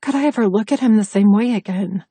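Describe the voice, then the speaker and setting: A woman reads an audiobook aloud in the first person, close and intimate. Her voice is mellow and a little husky. The recording is dry with no room sound. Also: medium pitch, fast talker, no echo. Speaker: audiobook narrator.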